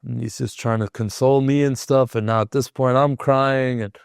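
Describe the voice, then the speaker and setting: A man's voice: mid-range voice, fairly even intonation, normal speed, gravelly, clean tone, no room sound, clean studio sound. A young man, a podcast guest, telling a personal story in a casual, rambling way with lots of "like". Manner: rambling, heavy use of filler "like".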